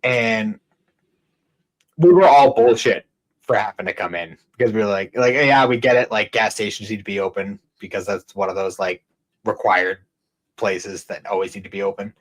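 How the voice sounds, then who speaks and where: On a rough recording, this young podcast co-host speaks at a moderate pace with a fairly low pitch. His chat is loose and rambling, full of casual swearing, frequent laughter, and stories from work.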